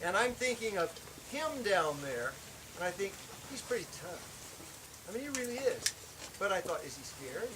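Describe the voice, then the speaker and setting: A man telling a personal testimony as a camp worship speaker, animated, acting out the shouted lines of his story. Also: high voice, normal speed, background noise. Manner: animated, acts out shouted quotes.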